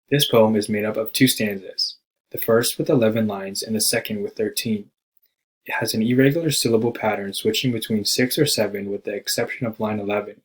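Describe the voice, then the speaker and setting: A man reading a school presentation aloud from a script, slowing down when he quotes the poem. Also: fairly low pitch, low-quality recording. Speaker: student presenter.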